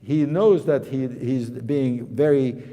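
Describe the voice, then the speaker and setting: A male piano teacher leads a master class, coaching a student emphatically and singing passages on "pa" and "da" syllables. His medium-pitched voice moves at a slow pace and sounds lo-fi, with loud piano and the long reverb of a hall around it.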